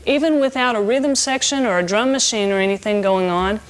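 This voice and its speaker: A middle-aged woman giving a saxophone lesson, explaining clearly and patiently in an instructional tone. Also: mid-range voice, fairly quick, faint music behind. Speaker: saxophone teacher.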